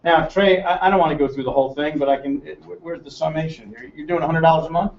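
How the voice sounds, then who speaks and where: Brash high-voiced American man teasing a crowd. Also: fairly even intonation, fast talker, creaky, a little hiss or hum. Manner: brash, joking, quizzes the room. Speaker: seminar presenter. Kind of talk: teasing seminar talk to a live audience. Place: meeting room with audience. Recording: roomy, distant, dull room mic.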